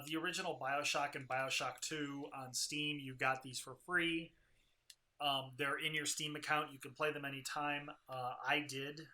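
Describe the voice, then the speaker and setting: Male podcast co-host, bright forceful voice, rambling opinionated game talk. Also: on the high side. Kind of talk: casual gaming podcast chat.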